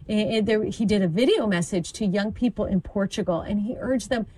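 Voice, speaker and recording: A woman's voice: medium pitch, fairly quick, dark tone, husky, low-quality recording. A woman commentator on a talk program, explaining events with enthusiasm and an occasional stumble. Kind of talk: informative conversational talk.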